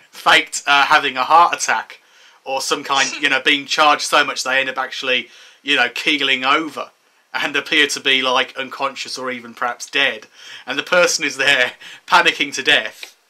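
A man's voice: mid-range voice, fairly even intonation, normal speed, sharp tone. A man telling a rambling story in a casual discussion, laughing as he goes. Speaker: discussion participant.

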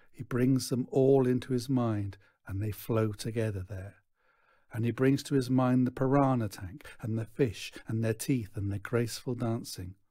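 A man reading a children's novel aloud in slow, measured narration. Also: medium pitch, dark tone, no room sound, studio quality. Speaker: reader. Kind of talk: storybook read-aloud.

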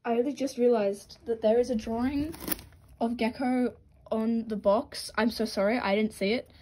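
A teenage girl from Australia unboxing a mask, gushing and breathless, shaky with excitement and swearing often. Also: on the high side, moderate pace, a little hiss or hum, rough recording. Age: teens.

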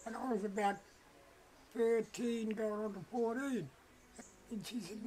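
A woman's voice: on the high side, steady tone, normal speed, a little mellow, slight background noise, low-quality recording. An older Australian woman telling her story in a documentary interview, emotional and conversational, peppered with "you know".

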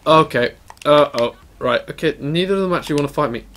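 A young man giving excited, sweary commentary on his gameplay and talking back to game characters. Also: fairly high pitch, quick pace, a little hiss or hum. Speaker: gaming channel host.

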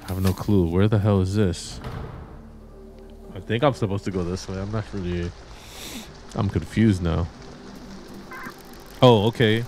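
A man's voice: low voice, fairly even intonation, unhurried, long pauses, mellow, slight background noise. Rambling male gaming YouTuber. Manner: rambling, exasperated, laughs often. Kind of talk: casual gameplay commentary. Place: home room with white background.

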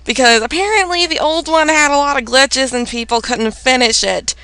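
A woman's voice: sits high, moderate pace, bright, forceful tone, clean tone, no echo. A young woman hosting a game playthrough, chatting casually and in a bubbly way, and reading the character lines aloud in different voices. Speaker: let's play host.

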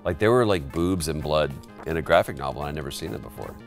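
A man telling a rambling, animated story in casual chat while playing a retro game in a studio. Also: very deep voice, fast talker, faint music behind. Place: studio, sitting at a game console.

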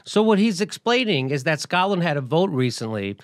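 A middle-aged male host delivers political commentary with blunt, profane emphasis. His voice sits a little higher than most men's and is very animated. It sounds dry and close, with no room echo. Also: a little fast. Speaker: show host.

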